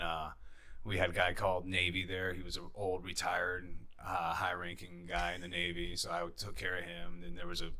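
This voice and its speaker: A young man telling stories as a podcast guest, casual and animated, swearing freely and acting out the people he quotes. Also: low-pitched, creaky. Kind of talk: casual storytelling.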